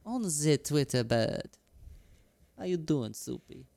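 A man's voice: fairly high pitch, sing-song, creaky, dark tone. A man hosting a casual sports podcast, joking and running through the news in an upbeat way. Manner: jokey, upbeat, talks through news quickly. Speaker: podcast host.

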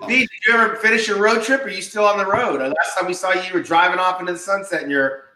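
A man's voice: sits high, fast talker, sharp tone, reverberant, low-quality recording. A man hosting a casual chat, easygoing and asking guests questions.

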